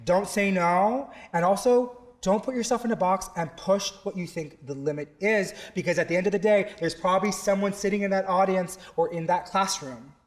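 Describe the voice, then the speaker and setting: A man's voice: high voice, normal speed, few pauses. A man from South Texas, a theatre teacher, telling a story in an interview with many fillers and restarts.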